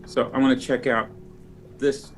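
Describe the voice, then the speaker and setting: A man's voice: mid-range voice, flat delivery, a little slow, faint music behind. A man playing a tabletop game who sounds unsure and keeps checking the rules. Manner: unsure, asks about the rules. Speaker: player.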